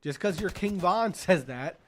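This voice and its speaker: Man, gaming streamer, profane ranting, slightly high voice, gunfire behind. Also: expressive, measured pace, fairly bright tone, slight background noise. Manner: profane, ranting, repeats himself. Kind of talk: casual gameplay commentary. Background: gunfire from the game.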